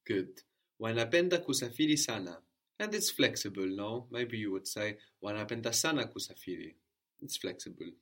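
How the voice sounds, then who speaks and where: A man teaching a language lesson, repeating each answer back slowly and checking understanding with a questioning "no?". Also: lowish voice, expressive, a bit bright.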